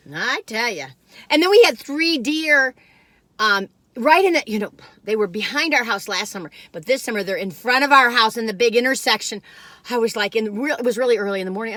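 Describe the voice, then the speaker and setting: Older woman, folksy rambling food vlogger, bright and dry close sound. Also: medium pitch, animated, moderate pace, dry recording. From Western North Carolina. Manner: rambling, folksy, many fillers and restarts. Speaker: food reviewer. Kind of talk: casual chatty storytelling.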